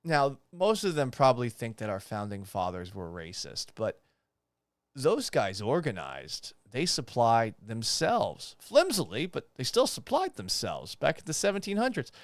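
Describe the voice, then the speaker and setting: Sarcastic young man with a lively pitch. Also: a little slow, no room sound. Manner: sarcastic, mocking, incredulous asides; profane, jumps up in pitch when exasperated. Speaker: podcast host. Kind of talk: casual commentary.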